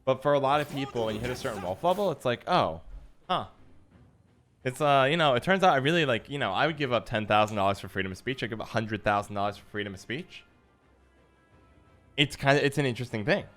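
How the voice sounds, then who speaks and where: A man's voice: medium pitch, expressive, fast, fairly bright tone. Guy streaming a card game, chatting with chat, kinda rambly, faint music in the back. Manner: chatty, musing, self-deprecating. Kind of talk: casual livestream chat while gaming.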